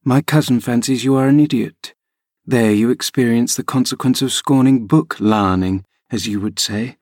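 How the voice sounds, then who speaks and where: A man's voice: medium pitch, moderate pace, darkish tone, no echo, clean studio sound, natural voice. A man reading an audiobook, voicing a sickly, spoiled teenage boy who talks in a prim, taunting way.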